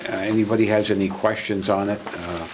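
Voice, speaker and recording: A man's voice: on the low side, steady tone, fairly quick, background noise. A man chairing a town board meeting, speaking in brief, procedural remarks.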